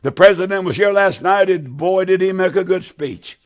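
A man's voice: high voice, normal speed. A man preaching a televised sermon, pleading fervently with his listeners and repeating his appeals over and over. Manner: fervent, pleading, repetitive exhortation.

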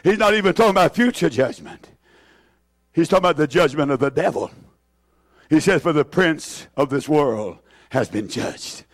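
Man, high voice, fiery sermon, hallelujahs, loud bursts and quiet drops. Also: animated, normal speed, pauses often. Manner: fiery, swings from shouts to hushed low lines; exclaims hallelujah often. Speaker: preacher.

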